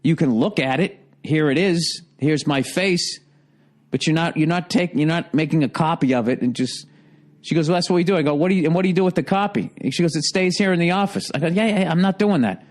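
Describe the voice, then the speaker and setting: A man hosting a podcast, ranting a comedic story in a profane, animated way with a Boston accent. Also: fairly high pitch. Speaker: podcast host.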